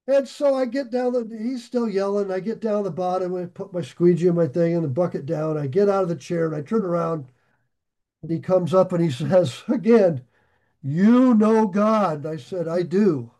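Guy rambling thru a story, kinda high voice but mellow, chuckles a lot. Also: brisk. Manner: rambling, chuckling anecdote teller. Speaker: Bible study leader. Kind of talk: casual storytelling.

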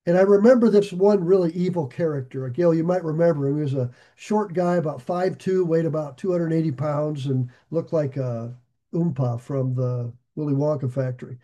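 A man with a high voice leads a verse-by-verse Bible study. He reads scripture aloud and then drifts into friendly, animated asides, getting lit up and loud when excited. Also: moderate pace. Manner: animated, gets excited and raises his voice. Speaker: Bible teacher.

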